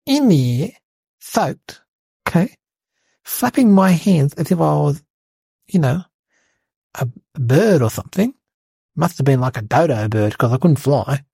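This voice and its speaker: A man voicing an excitable, rambling young schoolboy, telling a comedic story. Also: fairly high pitch, a little slow, gravelly, long pauses, husky, no room sound, heavily acted. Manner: breathless rambling storyteller, lots of "like" and "guys".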